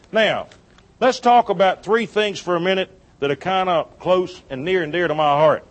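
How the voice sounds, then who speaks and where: A man telling a folksy church story in a sermon-style talk, animated and chuckling as he goes. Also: high-pitched. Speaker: church speaker on giving.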